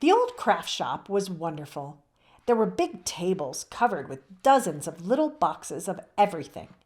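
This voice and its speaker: A young adult woman reading a children's chapter book aloud with expressive storytelling. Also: lowish voice, moderate pace. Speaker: read-aloud host.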